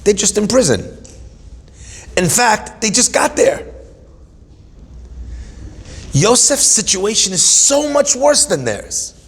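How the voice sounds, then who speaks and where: A man gives an animated Torah class, moving between stories and humorous asides. His voice sits on the higher side and carries dramatic emphasis. The sound has the long reverb of a hall. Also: takes it slowly, long pauses, slightly rough. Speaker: Torah teacher.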